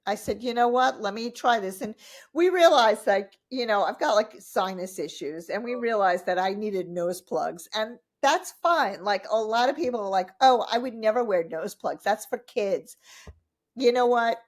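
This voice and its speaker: A woman in her fifties, a guest on a podcast, telling stories in a casual, animated way, laughing often and acting out what people said. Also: mid-range voice, moderate pace. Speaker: podcast guest, triathlete and coach. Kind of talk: casual interview storytelling.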